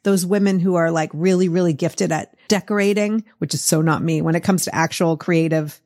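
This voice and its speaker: Brisk and fairly even in intonation, this middle-aged podcast host with a Boston accent has a darkish voice on the low side. She keeps her interview chat casual and encouraging, laughing easily.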